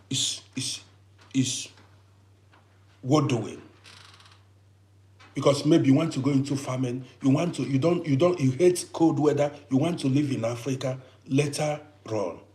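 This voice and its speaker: Emphatic man in his fifties, lively pitch. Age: 50s. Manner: emphatic, lecturing, rhetorical questions. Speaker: vlogger giving advice. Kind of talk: advice monologue.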